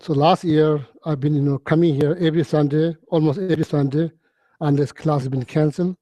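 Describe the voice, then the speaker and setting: A man giving a Buddhist teaching, telling stories in halting, repetitive phrases with many "you know"s and frequent throat-clearing. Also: a little high, steady tone, dark tone, dry recording. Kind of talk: storytelling dharma talk.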